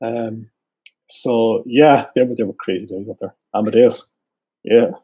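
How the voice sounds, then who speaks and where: A man with a West Cork Irish accent, a photographer and guest, telling stories in relaxed casual chat with lots of fillers. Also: on the low side, a little slow, slightly rough. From Ireland. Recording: dull lo-fi sound.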